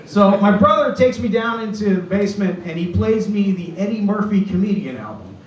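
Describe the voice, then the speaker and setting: Comic in his 40s doing a stand-up story, highish voice, echoey room. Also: brisk, distant mic, slight background noise. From Boston. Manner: animated, storytelling. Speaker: stand-up comedian. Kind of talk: stand-up set. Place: comedy club stage with live audience. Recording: roomy club recorded from afar.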